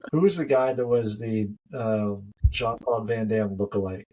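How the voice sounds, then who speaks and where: A man with a husky, slightly rough voice, chatting as a podcast co-host. His delivery is relaxed and upbeat as he keeps the conversation moving among friends. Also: lowish voice, a little slow, poor audio. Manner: easygoing, upbeat, runs the segments. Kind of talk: casual chat among friends.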